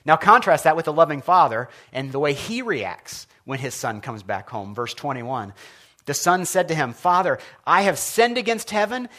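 A man preaching a sermon as pastor, earnest and expressive, often asking his listeners questions. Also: medium pitch, normal speed.

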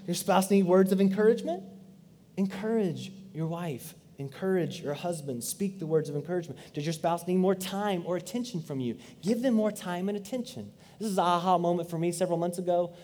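A man's voice: a little high, dark tone, a little hiss or hum. A man in his thirties preaching a sermon, earnest and conversational, with frequent asides to the congregation. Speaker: pastor.

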